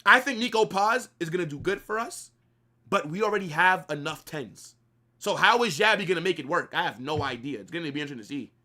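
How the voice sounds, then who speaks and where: A young man talks football on a live watch-along stream. His voice sits a little high and rings bright. He is animated and opinionated, peppers his talk with slang and casual swearing, and argues his points in a loose, conversational way. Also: fast.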